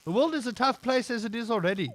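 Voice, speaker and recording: A man streaming a game while he rants, throwing out rhetorical questions and pushing his voice up high when he gets worked up. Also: expressive, quick pace, a little hiss or hum. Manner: ranting, piles up rhetorical questions. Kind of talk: casual rant while gaming.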